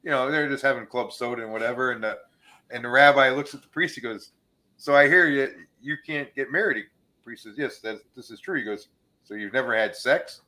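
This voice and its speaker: Bright-voiced male podcast host. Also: mid-range voice, fairly quick. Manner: joke-telling storyteller, laughs at own punchlines. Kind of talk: casual chat, telling jokes.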